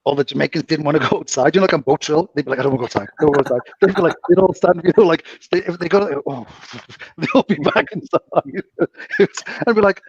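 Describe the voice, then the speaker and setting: A man's voice: a little high, a little fast, slightly rough, no room sound. A man co-hosting a casual podcast, rambling through stories with lots of fillers and frequent laughter. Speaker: podcast co-host, former cruise ship casino dealer. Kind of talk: casual chat, storytelling. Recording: dull lo-fi audio.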